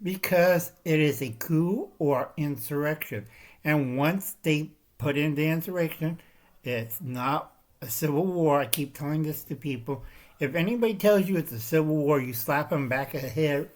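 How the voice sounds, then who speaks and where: A channel host delivers a rambling, emphatic political commentary monologue, often checking in with "Okay?" and "All right?" He has a fairly high-pitched voice and speaks at a normal speed.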